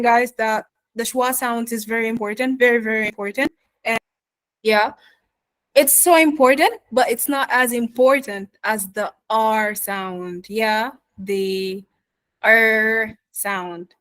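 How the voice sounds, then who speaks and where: A woman whose first language is Arabic teaches accent and pronunciation online, repeating words slowly and encouraging her students. Her voice is slightly high and a bit bright. The sound is dry, close and echo-free, though roughly recorded.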